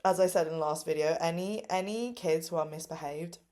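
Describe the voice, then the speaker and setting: A young woman in her twenties from England tells stories to her phone camera in a relaxed, chatty way. She fills her talk with "like" and "um", and her voice sits a little low for a woman. Now and then she jumps up high to mimic someone. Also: a little fast. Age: 20s. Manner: upbeat, lots of fillers, acts out kids' voices with big pitch jumps. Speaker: English teacher vlogger. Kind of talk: casual chatty storytelling.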